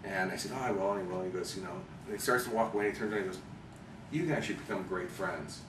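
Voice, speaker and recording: A man from Chicago, an interview guest, telling animated anecdotes and acting out the people he quotes. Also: low voice, quick pace. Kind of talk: storytelling interview. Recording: roomy, distant mic with background noise.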